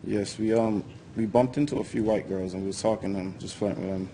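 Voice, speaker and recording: A man's voice: fairly low pitch, steady tone, fast talker, warm tone, slight background noise, low-quality recording. A man testifying as a witness in court, answering questions in casual street speech with some hesitation. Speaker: trial witness.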